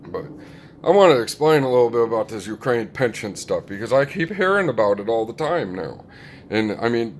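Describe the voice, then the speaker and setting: A man's voice: fairly low pitch, a little hiss or hum. Rambling, chuckling man's casual monologue. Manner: rambling, chuckling, many fillers. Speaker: commentator.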